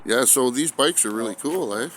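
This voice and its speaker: A man's voice: mid-range voice, expressive, moderate pace, very noisy. A man casually interviewing someone and telling long jokes, rambling with lots of fillers. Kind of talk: casual joke-telling chat.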